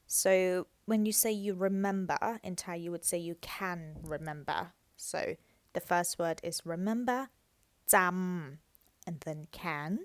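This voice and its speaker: A woman teaching Thai tones, explaining slowly and modelling each word in a louder, raised voice. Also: fairly low pitch, dry recording.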